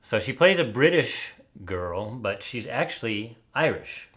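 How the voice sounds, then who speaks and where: A man's voice: medium pitch, very animated, unhurried, fairly bright tone. A man co-hosting a casual chat show, talking in an easygoing, chatty way and laughing along. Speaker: co-host, trivia contestant.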